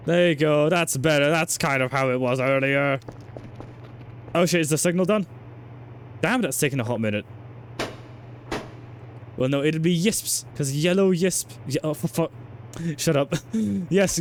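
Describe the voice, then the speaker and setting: Man, slightly high voice, casual gameplay commentary, chatty, swears a lot, faint noise behind. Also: expressive, a little slow, pauses often. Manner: chatty, swears, laughs, reacts to chat. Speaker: streamer.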